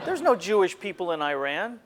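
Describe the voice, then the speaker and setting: A man's voice: sits high, big pitch swings, normal speed, a little hiss or hum. A man hosting a comedy video, with dry, jokey delivery. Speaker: host.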